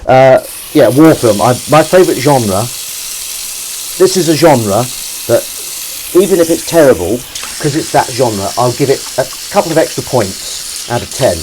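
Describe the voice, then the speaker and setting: A livestream host washes dishes at his kitchen sink at home, rambling through self-mocking banter packed with ums and asides. He has a mid-range voice with lively intonation at normal speed, against a noisy background.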